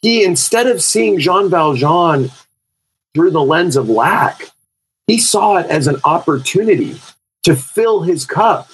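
Husky man telling a heartfelt story. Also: fairly high pitch, unhurried, poor audio. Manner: animated storyteller, acts out quoted people. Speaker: podcast co-host. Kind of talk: freewheeling spiritual conversation.

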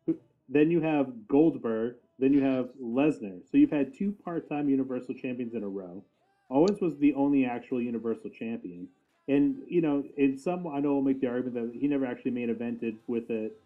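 A man's voice: mid-range voice, a little fast, soft background music. A man co-hosting a podcast, chatting casually about wrestling, thinking aloud with fillers and laughing often. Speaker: podcast co-host. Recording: tinny phone-like sound.

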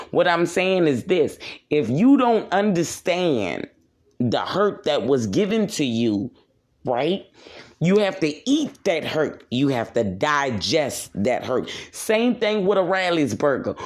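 A man delivering a profane, preachy solo podcast rant, repeating his points for emphasis. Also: fairly high pitch. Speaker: podcast host.

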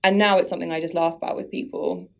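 Low gravelly-voiced woman telling her story. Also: fairly even intonation, fast talker. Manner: candid, reflective, often laughs at herself. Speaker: podcast guest. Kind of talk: casual conversational storytelling.

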